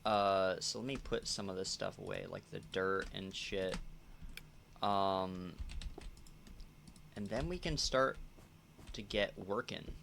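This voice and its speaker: A man's voice: low voice, takes it slowly, vocal fry, long pauses, fairly bright tone, a little hiss or hum. A man casually commenting as he plays through a sandbox game, rambling and blurting out profanity. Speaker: let's play host.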